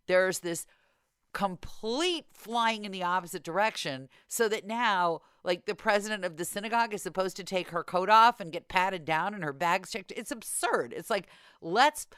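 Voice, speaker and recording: A woman hosting a podcast in casual chat, telling stories in an animated, exasperated way. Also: on the low side, smooth, no echo, studio quality. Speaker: podcast host.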